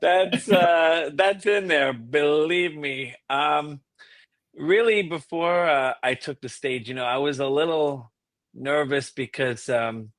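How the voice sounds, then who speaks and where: An American man, a professional tenor, answering interview questions in a relaxed way with easy laughter. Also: on the high side, takes it slowly, no room sound. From United States. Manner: relaxed, laughs easily, some hesitations. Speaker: guest tenor.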